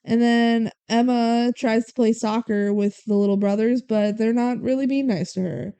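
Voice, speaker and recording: A young woman co-hosting a movie podcast, her voice a touch high and soft-toned. She chats casually and retells scenes with lively mimicry of each character. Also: normal speed, smooth. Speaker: podcast co-host. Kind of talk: casual movie recap chat.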